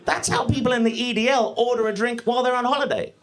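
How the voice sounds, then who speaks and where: A man doing a live stand-up set in a comedy club, profane and animated, speaking into a stage mic. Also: very high voice, fast, crowd noise. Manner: profane, animated, mock-confident.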